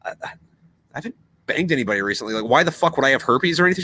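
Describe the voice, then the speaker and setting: A man's voice: medium pitch, lively intonation, very fast, pushed and bright, no room sound. A young man hosting a podcast, telling crude stories in casual chat, swearing often and full of fillers. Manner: profane, storytelling, lots of fillers. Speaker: podcast host.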